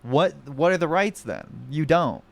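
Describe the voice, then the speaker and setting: A man's voice: a little high, big pitch swings, a little slow, vocal fry. A man streaming casual reaction commentary, profane, scoffing and sarcastic.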